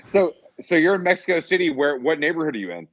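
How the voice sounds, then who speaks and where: A man's voice: fairly high pitch, big pitch swings, quick pace, highs cut off. A man co-hosting a podcast in casual chat, easygoing and giggly, asking eager questions. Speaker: podcast co-host.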